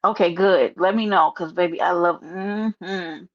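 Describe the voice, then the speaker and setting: A woman's voice: on the low side, unhurried. A woman with a New York accent hosting a casual livestream, chatting sassily and reading her chat aloud. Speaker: livestream host. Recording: dull lo-fi stream audio.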